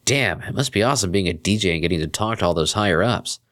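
A man's voice: low-pitched, lively intonation, fast talker, a bit bright. A man doing a laid-back young pony guy. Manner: easygoing and chatty. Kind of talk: fan fiction reading.

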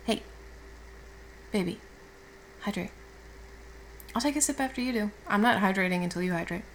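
Casting: woman as a just-woken girlfriend, soothing and affectionate, slight vocal fry, mid pitch, audio role-play. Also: expressive, moderate pace, a little hiss or hum, lightly acted, rough recording. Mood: tender. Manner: soft, tender and reassuring, with casual swearing. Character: affectionate young woman, the listener's caring girlfriend.

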